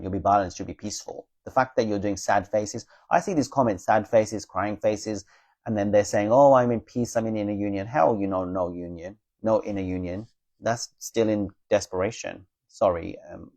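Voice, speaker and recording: A man answers viewers' questions in a live chat, speaking bluntly and matter-of-factly with an occasional teasing edge. His voice sits fairly low and carries a gravelly, creaky texture. The tone is dark and mellow rather than bright. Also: normal speed.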